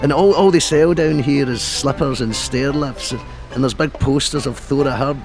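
In a natural, mid-range voice at normal speed, a man impersonates a well-known Scottish comedian on tour in Scotland, meandering through absurd gags in a Scottish accent. Faint music plays behind him.

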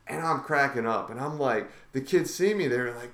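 A young man co-hosting a podcast, telling a story in casual chat, animated and swearing freely. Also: mid-range voice, fast talker. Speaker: podcast co-host. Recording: echoey room.

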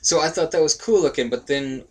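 A man's voice: on the high side, brisk, poor audio. Rambling young man chatting about games. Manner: animated, jokey, rambling. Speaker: podcast co-host. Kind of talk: casual gaming podcast chat. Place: home bedroom.

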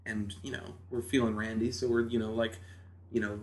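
A man's voice: on the low side, brisk. A man from New Hampshire, a podcast guest, telling a story in casual chat and acting out quotes. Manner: animated storyteller, acts out quotes.

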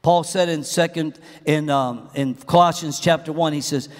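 A middle-aged man preaching a humorous, animated sermon in a large church auditorium. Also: on the high side, moderate pace, few pauses, long reverb tail. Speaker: pastor.

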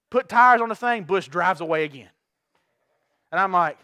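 A man preaching a sermon to his church, telling stories with big swings from quiet asides to shouts. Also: extremely high pitch, quick pace, no echo, clean studio sound. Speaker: pastor.

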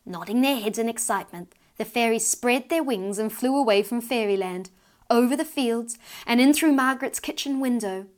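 A woman reads a fairy tale aloud in a gentle, expressive storytelling voice. Her pitch sits slightly high, and she takes an easy, unhurried pace as she reads. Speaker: author and narrator. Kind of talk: storybook reading.

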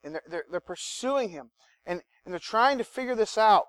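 A man preaches with animated, conversational energy and talks straight to his listeners. His voice sits fairly high for a man. The sound is close and dry, with little room echo. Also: normal speed. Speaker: pastor. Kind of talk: sermon.

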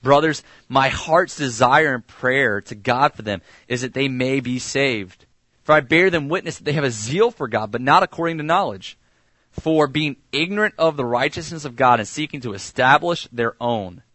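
A man preaching a sermon in a conversational way, often dropping soft and low on key lines. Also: no echo. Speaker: pastor.

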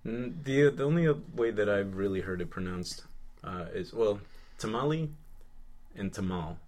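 A man with a fairly low voice chats casually on a podcast. He talks haltingly, doubling words as he thinks, and laughs easily between points. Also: expressive, darkish tone. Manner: hesitant, repeats words, laughs often. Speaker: podcast co-host. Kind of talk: casual chat.

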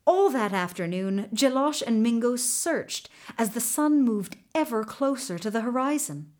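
A woman storyteller reading a folktale aloud, unhurried and measured. Her fairly high voice rises and falls with lively expression.

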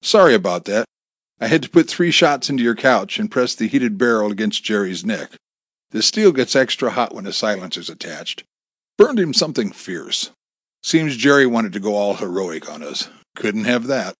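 A man's voice: lowish voice, big pitch swings, moderate pace, a bit bright, no echo, studio quality. A man voicing a menacing, sarcastic male kidnapper who taunts his victim over the phone, in a storybook reading. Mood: taunting. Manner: taunting, mocking, cruel.

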